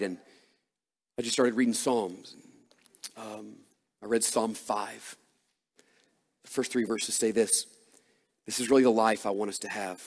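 A man's voice: on the low side, big-room sound. A man preaching a sermon as a pastor, earnest and personal, repeating key phrases for emphasis.

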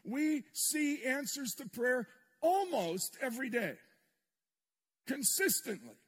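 The voice is very high, husky and very animated, but the pace is slow. An older man delivers a sermon in a church sanctuary, telling a candid, self-mocking personal story with some humor, and the recording carries the long reverb of a large hall.

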